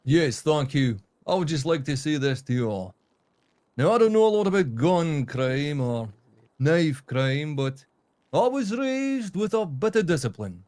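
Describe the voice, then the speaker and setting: A man's voice: fairly high pitch, sing-song, a little mellow. Hesitant sounding man candidate. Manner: hesitant, full of pauses. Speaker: mayoral candidate. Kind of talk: debate speech.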